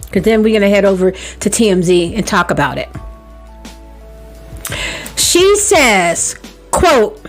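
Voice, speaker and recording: A woman hosting a celebrity gossip vlog, sassy and playful, talking straight to her viewers. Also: a little high.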